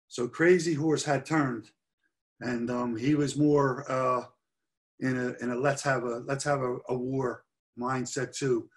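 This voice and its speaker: A man's voice: mid-range voice, steady tone, measured pace. A middle-aged man giving a history lecture over slides, earnest and stressing key points by repeating them. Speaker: history presenter.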